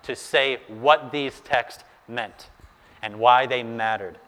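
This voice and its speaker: The sermon comes from a male pastor who speaks slowly in a mid-range voice, bringing the story to life and pressing his listeners to envision it. The sound has a big-room quality.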